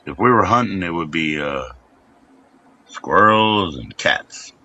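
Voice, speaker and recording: A man's voice: deep voice, lively intonation, slow pace, sharp tone, dull audio. A middle-aged man streaming live, rambling in casual chat, crude and joking, teasing his chat in a sing-song voice.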